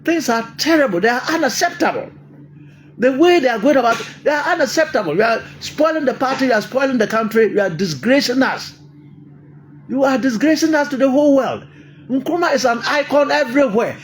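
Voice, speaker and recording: A man's voice: very high voice, animated, fairly quick, slight background noise. An older man with a Ghanaian accent, delivering an emphatic political monologue, repeating his points and laughing often. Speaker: political commentator.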